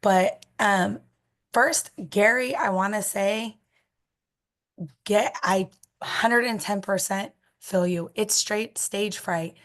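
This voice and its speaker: A woman in her thirties with a hoarse voice that is giving out, speaking on a video call. She talks in a blunt, encouraging way, at a middling pitch. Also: takes it slowly, fairly bright tone. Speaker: real estate agent.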